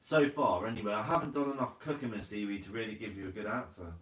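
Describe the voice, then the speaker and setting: With a fairly low pitch and a quick pace, a man hosts a casual live stream, reading viewers' comments aloud. He is chatty and relaxed, laughs often and says "mate" a lot, recorded with roomy sound from a distant mic.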